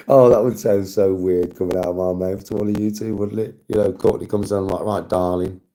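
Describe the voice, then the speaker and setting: Gravelly deep-voiced man chatting. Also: dark tone. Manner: banter-heavy, laughs often, swears freely. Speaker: livestreamer chatting to viewers. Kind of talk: casual live-stream chat.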